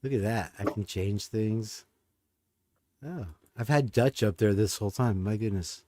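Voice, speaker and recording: A man's voice: on the low side, a little slow, warm tone, dry recording, clean studio sound. A man hosting a livestream in casual chat, rambling and joking about himself. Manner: rambling, joking, self-deprecating. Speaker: stream host.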